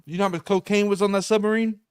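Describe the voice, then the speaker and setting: A man on a casual panel who readily agrees with others and throws in quick quips. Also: sits high, steady tone, a little mellow, smooth, no room sound, studio quality.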